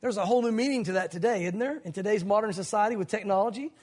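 A fast-talking male pastor preaches in a husky, slightly breathy voice that sits fairly high for a man. His delivery is earnest and conversational, full of asides to his listeners. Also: darkish tone. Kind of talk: sermon.

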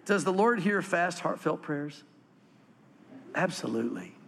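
Pastor guy preaching, high voice, earnest, gets loud then drops real quiet, reverby church hall. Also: moderate pace, creaky, a little hiss or hum. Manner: earnest, swings from animated to hushed. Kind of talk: sermon.

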